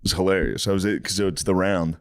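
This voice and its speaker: A man's voice: deep voice, fast talker, no room sound, studio quality. A man co-hosting a podcast, chatting casually and animatedly, often laughing and mimicking people he describes. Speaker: podcast co-host. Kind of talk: casual chat.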